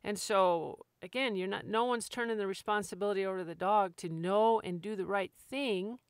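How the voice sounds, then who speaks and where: Brief: woman host, frank and animated delivery, smooth clear voice, dry close sound. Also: mid-range voice, dry recording. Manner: frank, animated, acts out nagging with quick asides. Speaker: dog training podcast host. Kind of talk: casual instructional talk.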